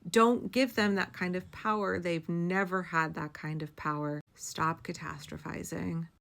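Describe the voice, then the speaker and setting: A woman's voice: lowish voice, fairly even intonation, measured pace, vocal fry, a bit bright. A woman giving impassioned, blunt political commentary straight to her audience, swearing for emphasis. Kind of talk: direct-to-camera political commentary.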